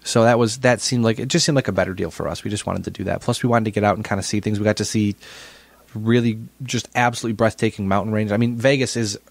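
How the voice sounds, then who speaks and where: Man, podcast co-host, casual rambling chat, quick pace, dry close sound. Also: on the low side, steady tone, vocal fry, no room sound. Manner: rambling, repeats words while telling a story.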